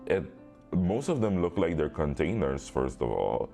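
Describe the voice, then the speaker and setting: A man's voice: extremely low pitch, sing-song, measured pace, vocal fry, warm tone, faint music behind. A young man hosting a podcast, telling a story in a loose, slangy way, saying bro constantly and swearing freely. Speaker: podcast host. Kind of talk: casual storytelling chat.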